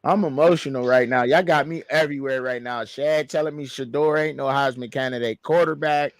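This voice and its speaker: A man co-hosting a sports show, talking in an animated, slangy way and repeating himself as he argues. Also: mid-range voice, fairly quick, no echo. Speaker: show co-host, fan. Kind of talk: heated sports banter.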